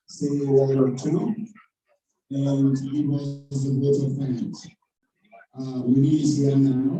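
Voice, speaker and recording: A man acting as master of ceremonies, making formal, measured announcements to the guests. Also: medium pitch, warm tone. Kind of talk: event announcements. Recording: very echoey hall, distant dull mic.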